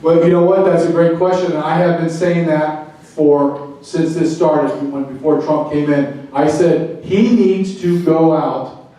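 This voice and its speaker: A middle-aged man, a retired border agent, giving a fervent speech to a club, swinging from loud to quiet. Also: a little high, fairly even intonation, unhurried. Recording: very echoey room, speaker far from mic.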